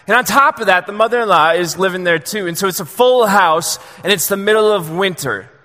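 Male pastor, bright fairly high voice, casual storytelling sermon, long hall reverb. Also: fairly quick. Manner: conversational and joking. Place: church sanctuary.

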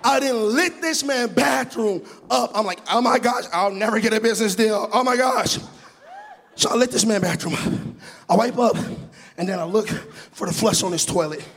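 A man preaching in a church with a strikingly high, husky voice that rises into chanted shouts. He tells stories with comic timing, and his words ring out with a long reverb from the big hall around him. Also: fairly quick. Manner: chanting, shouted preaching cadence with humorous storytelling. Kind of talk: sermon. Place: church sanctuary.

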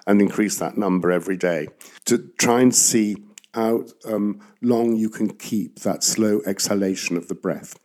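A man with a low, mellow voice talks through how actors should speak verse. He sounds reflective. He gets emphatic when he gives advice. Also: vocal fry. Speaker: voice and verse coach. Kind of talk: expert explaining in a conversation.

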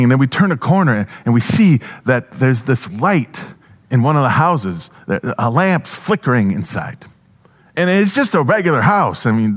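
A male pastor giving a first-person storytelling sermon, animated with halting restarts. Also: mid-range voice.

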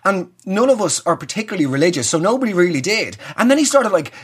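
Husky, animated Irish man telling a story. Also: high voice, fast. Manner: animated, sweary, exasperated ranting. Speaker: comedian. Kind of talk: comic storytelling.

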